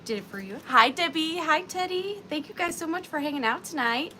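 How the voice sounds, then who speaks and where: Woman, high voice, very animated pitch, casual live-stream host, chatty, self-deprecating, greets viewers by name. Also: a little fast, slight background noise. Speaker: host of an antique and vintage live sale.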